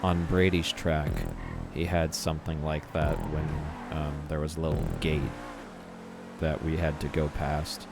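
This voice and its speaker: Man, very low voice, relaxed gameplay commentary, clear game noise behind. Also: a little slow. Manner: relaxed, chatty, laughs often. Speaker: host of a racing game playlist.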